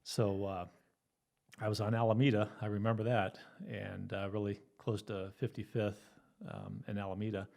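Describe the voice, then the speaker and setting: A middle-aged man recounts his police days in an easygoing, chuckling way. His voice sits fairly low, and he fills his pauses with ums and uhs. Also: flat delivery, gravelly, a little mellow. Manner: easygoing storytelling, often laughing, with fillers. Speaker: guest, retired police officer. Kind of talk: telling his story in an interview.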